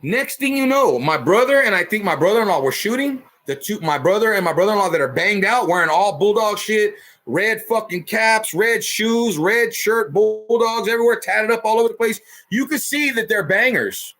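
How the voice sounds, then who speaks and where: A man casually telling a rough story in heavy profanity and street slang, punching it up with sound effects. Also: high-pitched, animated, normal speed, fairly bright tone. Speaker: storyteller host.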